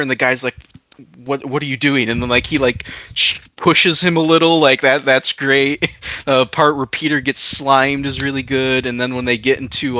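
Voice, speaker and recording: Bright-voiced laughing podcast guy. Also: mid-range voice, no echo. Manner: enthusiastic, laughs often, retells movie scenes. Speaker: podcast co-host. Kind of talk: casual chat.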